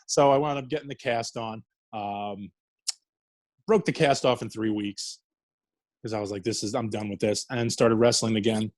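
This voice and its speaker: A man's voice: fairly low pitch, steady tone, normal speed, dry recording. A middle-aged man from New York telling profane, laughing wrestling stories in a casual interview. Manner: profane, laughing, rambling anecdotes. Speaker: wrestler guest.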